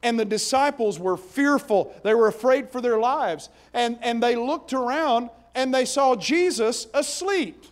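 A man preaches a sermon in a high voice. He moves between hushed, slow passages and loud, emphatic bursts. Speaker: pastor.

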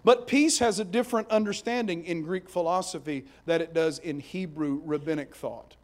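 A man preaches a sermon in a high voice. He moves between hushed, slow passages and loud, emphatic bursts. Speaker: pastor.

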